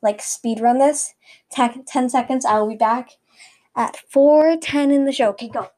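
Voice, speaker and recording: Giggly rambling teenage girl, slightly high voice. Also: moderate pace, mellow. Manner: rambling, giggly and self-conscious. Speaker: podcast host. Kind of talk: casual solo podcast chat. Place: bedroom at home. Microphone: webcam mic at a distance.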